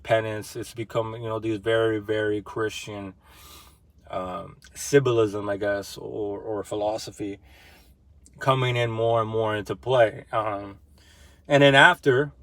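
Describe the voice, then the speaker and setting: A man's voice: on the low side, a bit bright, dry recording. A young man casually retelling a novel, loose and slangy, with lots of fillers and some swearing. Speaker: book discussion vlogger.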